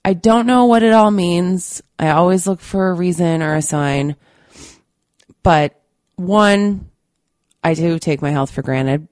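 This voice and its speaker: Low-voiced, stuffy woman podcast host. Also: slow, a little mellow, dry recording, clean studio sound. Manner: candid and earnest, with many fillers. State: stuffy from a cold. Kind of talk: casual monologue to listeners.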